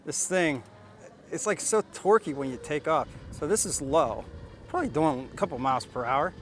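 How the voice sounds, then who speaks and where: A man's voice: on the high side, expressive, normal speed. A man casually reviewing and demonstrating a riding mower outdoors, chatty and enthusiastic, explaining each step. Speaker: tool reviewer. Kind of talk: casual product demo vlog. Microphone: camera mic, at times an action camera on the mower.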